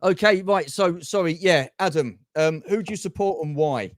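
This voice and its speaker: A middle-aged man co-hosts a football livestream, talking in a loose and chatty way and greeting people by name. His voice sits a little high for a man. The sound is dry and close. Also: normal speed, dry recording. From England. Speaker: livestream co-host. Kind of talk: casual football chat.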